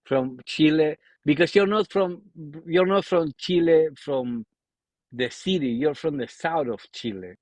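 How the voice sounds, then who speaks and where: A man's voice: on the high side, unhurried, darkish tone, no echo, rough recording. A man with an Argentine accent, speaking English as a second language, hosting a casual podcast interview and often restarting his sentences as he searches for words. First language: Spanish. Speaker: podcast host.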